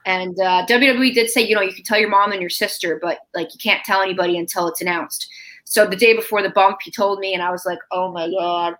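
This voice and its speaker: A woman being interviewed, telling a family story in a lively, chatty way and acting out the quoted lines. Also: mid-range voice, fast talker, low-quality recording. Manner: animated, acts out quoted dialogue.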